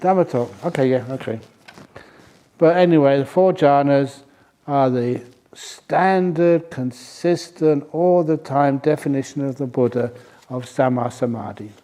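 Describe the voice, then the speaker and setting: Speaking at a measured pace in a mellow, mid-range voice, a Buddhist monk delivers a storytelling Dhamma talk with Q&A at a retreat. He tells a playful story, takes questions, and often laughs at his own jokes.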